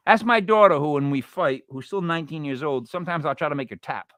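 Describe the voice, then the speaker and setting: A man in his forties with a bright, forceful voice, rambling and joking as he co-hosts a casual true-crime chat. He talks bluntly and drifts off topic, recorded close and dry with no room sound. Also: fairly high pitch, fast, no echo. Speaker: podcast co-host.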